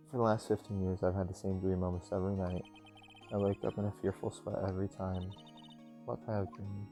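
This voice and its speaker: A man's voice: deep voice, flat delivery, fairly quick, warm tone, soft background music. A young man casually reading game dialogue aloud with offhand asides, recorded on an earbud mic.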